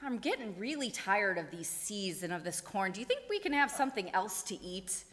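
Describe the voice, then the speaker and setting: A woman voicing a patient, gently clever male teacher in a spoken children's story, in an echoey hall. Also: medium pitch, sing-song, normal speed, voice pushed down. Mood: playful.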